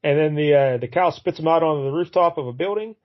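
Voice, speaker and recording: A man's voice: on the high side, quick pace, lo-fi sound. Rambling man retelling a comic plot. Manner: rambling, retells the plot and acts out characters' lines. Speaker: podcast co-host. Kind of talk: casual comic book review chat.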